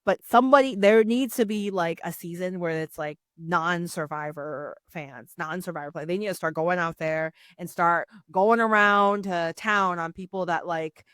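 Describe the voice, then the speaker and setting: A woman's voice: normal speed, hardly any pauses, clear, resonant tone, no echo. Giggly young woman chatting on a dry mic. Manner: animated, jumps into high-pitched mock voices. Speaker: podcast co-host. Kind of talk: casual chat.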